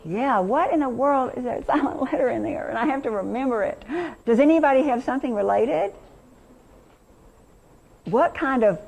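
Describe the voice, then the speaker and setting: A woman's voice: sits high, expressive, normal speed, vocal fry, pauses often, a little mellow. A middle-aged woman teacher leading an interactive workshop lesson, enthusiastic and quizzing her audience.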